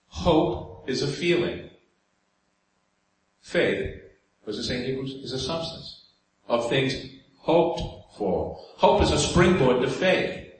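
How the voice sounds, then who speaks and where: Speaking at a measured pace in a medium-pitched voice, this very animated New York-accented preacher keeps his sermon conversational. He fires rhetorical questions at the congregation, and faint room noise carries through the very echoey hall.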